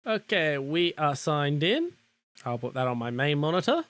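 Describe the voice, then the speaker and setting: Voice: medium pitch, sing-song, moderate pace, a bit bright, no room sound. Sarcastic grumbling streamer from Australia. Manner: grumbling, sarcastic, muttering to self. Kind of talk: casual live-stream chat while gaming.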